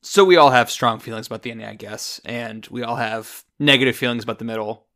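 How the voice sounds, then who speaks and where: A man in the host's chair of a film podcast, talking casually and quickly. His voice sits at an ordinary middle pitch, and he keeps things lively with asides. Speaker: podcast host.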